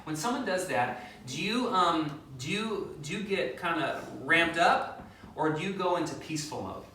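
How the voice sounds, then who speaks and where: A man preaching a conversational sermon as pastor, animated, acting out quotes and making joking asides. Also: a little high, normal speed, slight background noise. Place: church sanctuary. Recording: very echoey, distant mic.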